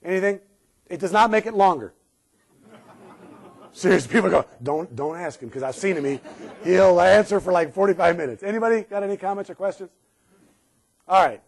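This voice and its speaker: Brief: higher-pitched male safety speaker, sarcastic keynote humor, talks to the crowd. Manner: sarcastic, joking, acts out what people say. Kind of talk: humorous keynote talk to an audience.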